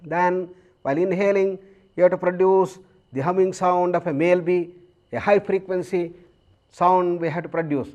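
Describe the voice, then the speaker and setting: A man with an Indian English accent giving a calm, measured yoga lecture, explaining breathing practices with long pauses. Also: sits high, lo-fi sound. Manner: chants Sanskrit verses slowly. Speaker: yoga teacher.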